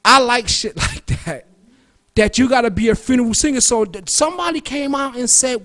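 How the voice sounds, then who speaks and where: High-voiced man ranting profanely on radio. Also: expressive, moderate pace, bright, forceful tone. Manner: loose, profane, rambling street talk; jumps between topics. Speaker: radio show host. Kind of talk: casual solo monologue.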